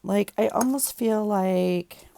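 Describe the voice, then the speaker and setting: A woman's voice: medium pitch, slow pace, creaky, dark tone, clean tone. A woman vlogger chatting casually in her home craft room, rambling and thinking aloud as she works on a journal page. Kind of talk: casual chat while crafting.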